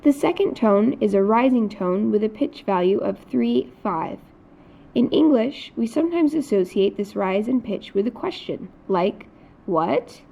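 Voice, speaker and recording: Gravelly, mellow-voiced woman teaching. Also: on the high side, lively intonation, normal speed. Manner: patient, explanatory instruction. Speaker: Mandarin teacher. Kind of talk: recorded lesson narration. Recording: dull lo-fi recording.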